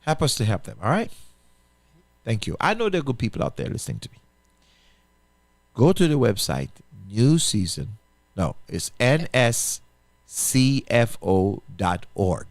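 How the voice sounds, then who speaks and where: A pastor hosting a talk show, speaking, makes an impassioned appeal full of repetition and rhetorical questions. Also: male voice, medium pitch, big pitch swings, unhurried, creaky, long pauses, no room sound. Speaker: pastor and radio show host.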